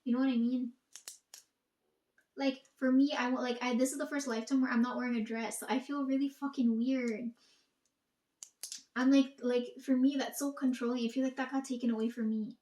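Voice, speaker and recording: A woman's voice: high voice, flat delivery, brisk, a little mellow, echoey room. A young woman rambling to her audience in a casual monologue, swearing often and talking emphatically.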